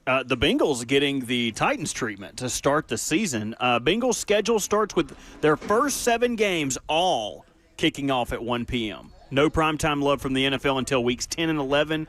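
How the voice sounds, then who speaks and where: A man's voice: mid-range voice, animated, moderate pace, fairly bright tone. A man co-hosting a sports talk radio show, playful and laughing often, rattling off schedules and stats. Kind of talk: casual sports radio banter.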